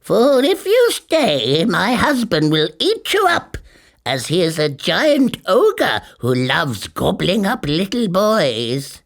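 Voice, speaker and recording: A man voicing a kindly, nervous old woman, the ogre's wife, in a high fluttery voice. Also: huge pitch swings, slow, vocal fry, a bit bright, heavily acted. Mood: warning.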